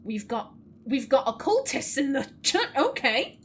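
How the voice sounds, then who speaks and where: High-voiced woman playing a game. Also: sing-song, unhurried, a bit bright, a little hiss or hum. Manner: chatty, thinks aloud and reads game text aloud. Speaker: let's play host. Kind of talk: casual gameplay commentary.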